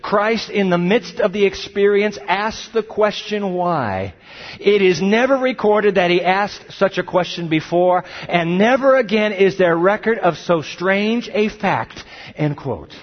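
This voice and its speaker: A man's voice: high-pitched, animated, measured pace. Dramatic preacher man in an echoing hall. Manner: dramatic, wide swings from loud cries to hushed questions. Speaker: pastor. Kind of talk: sermon. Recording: long hall reverb, dull lo-fi sound.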